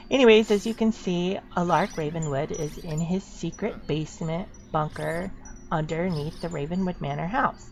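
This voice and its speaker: A woman with a lowish, gravelly voice talks loosely over game footage, stopping often for fillers and restarts. Faint background noise sits behind her, with wind chimes in the room. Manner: rambling, full of fillers and restarts. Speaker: channel host.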